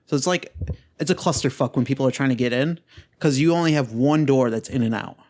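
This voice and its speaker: A man in his twenties co-hosting a casual podcast chat, telling stories in a profane, animated way. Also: mid-range voice, quick pace. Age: 20s. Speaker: podcast co-host.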